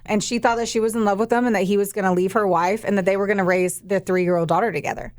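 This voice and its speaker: A woman's voice: medium pitch, steady tone, fast talker, darkish tone. A young woman co-hosting a podcast, retelling a true-crime case in casual, profane, emphatic chat. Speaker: podcast co-host.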